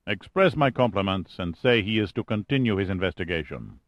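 A man voicing a suave, calculating male schemer who speaks in a smooth, purring way. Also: deep voice, animated, a little fast, no echo. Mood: smug.

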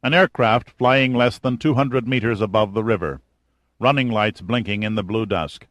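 Guy reading a thriller audiobook, low voice, dry close studio sound. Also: no room sound. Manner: steady, measured storytelling. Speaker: narrator. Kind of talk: audiobook narration.

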